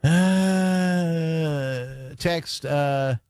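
A man's voice: a little high, extremely slow, darkish tone, no echo. A man hosting a call-in radio talk show, chatting casually and reading listener texts with lots of fillers. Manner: conversational, reads listener texts, many fillers. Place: radio studio. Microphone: studio broadcast mic.

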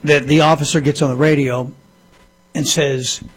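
A man's voice: a little high, fairly even intonation, normal speed, slightly rough. A man hosting a talk radio show, delivering an emphatic, indignant political monologue with lots of repetition into a studio microphone.

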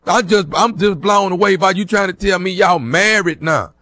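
A man's voice: sits high, moderate pace, pushed and bright, dry recording, clean studio sound. A man playing a stubborn jailed man on a prank phone call, pushy and defiant, who keeps saying "hold up". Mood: insistent. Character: jailed man calling to claim his girl back, stubborn. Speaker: prank caller.

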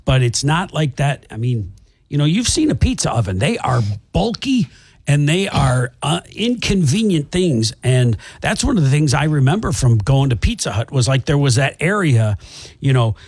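A man's voice: a little high, very animated, moderate pace, a little mellow, slightly rough, no room sound. A man co-hosting a radio show, chatting casually and rambling with restarts and fillers.

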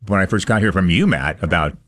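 A man's voice: low-pitched, animated, fast talker, a bit bright, no echo. A man chiming in as co-host on a talk radio show with brief, dry remarks.

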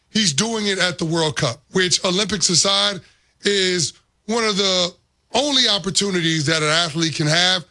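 A man's voice: sits high, sharp tone. A man co-hosting a sports talk show, making emphatic points and building arguments through repetition.

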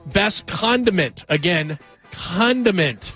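A man's voice: high-pitched, expressive, slow pace, bright, forceful tone, faint music behind. A man hosting a sports radio show, chatting casually and rambling a little as he moves from one story to the next. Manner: chatty, rambling, eager to joke around.

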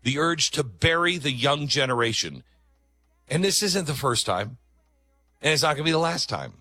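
Emphatic man, lively bright voice. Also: a little high, no echo. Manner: emphatic, conversational, with dramatic pauses. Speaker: talk show host. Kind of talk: commentary monologue.

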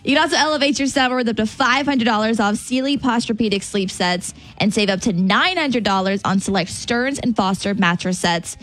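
A woman's voice: a little high, brisk, few pauses, fairly bright tone, faint music behind. Chatty woman radio host. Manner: chatty, self-correcting, stumbles over fine print. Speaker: radio host reading a live ad. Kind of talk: casual morning radio banter.

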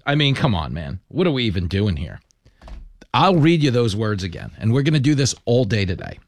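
A man hosting a talk radio show, mocking and animated as he takes calls. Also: on the low side, brisk, a little hiss or hum.

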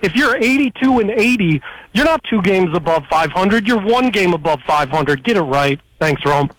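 A male caller to a radio show, making a deliberate, pedantic point. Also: high voice, animated, a bit bright, no echo, low-quality recording. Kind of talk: call-in rant.

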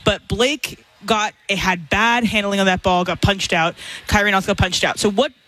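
A man co-hosting a sports radio show who talks through stats in a fast, analytical way. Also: high-pitched, fairly even intonation, sharp tone.

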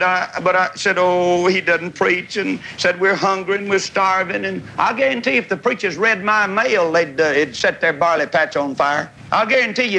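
A man's voice: high voice, pushed and bright, slight background noise, poor audio. A man preaching a revival tent sermon in a fiery, folksy, scolding way. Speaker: evangelist preacher. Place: large revival tent with crowd.

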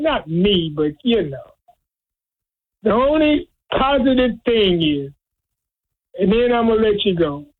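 A woman calling in, chatting casually and slowly. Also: a little high. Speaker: caller. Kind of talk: casual phone call. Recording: tinny phone line.

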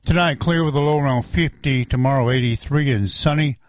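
A man reading the weather forecast on a radio show in a steady, measured way. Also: mid-range voice, dry recording.

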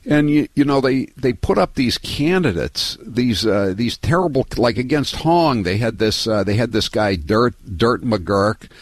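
A male talk radio host with a lively, swooping delivery who rambles, stumbles and restarts his sentences as he goes. His voice sits in a middle register and sounds close and dry at the studio microphone, with no room around it. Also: mid-range voice, a little slow, hardly any pauses, no echo. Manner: animated, rambling, repeats and restarts words. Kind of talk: political call-in talk radio.

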